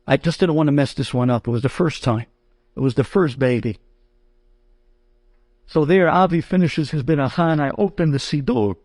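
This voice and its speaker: A rabbi telling a story dramatically, building to high, excited outbursts. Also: male voice, moderate pace, long pauses, dry recording. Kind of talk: animated storytelling to an audience.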